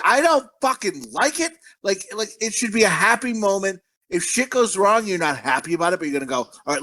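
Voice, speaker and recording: A man's voice: sits high, bright, forceful tone. A man co-hosting a podcast, ranting bluntly and swearing constantly in casual chat. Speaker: podcast co-host.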